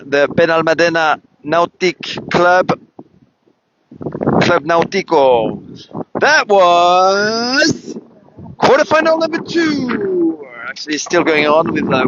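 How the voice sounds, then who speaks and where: A man giving live race commentary as announcer, excited and chatty, talking straight to viewers with many fillers, outdoors at a beach venue. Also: high voice. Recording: dull livestream sound with clear outdoor noise.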